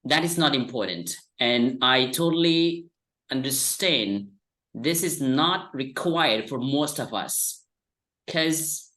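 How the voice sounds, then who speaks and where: A man's voice: medium pitch, sharp tone. A man teaching an online English class over a video call, answering questions patiently and repeating "all right" a lot. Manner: slow, patient explaining with frequent "all right".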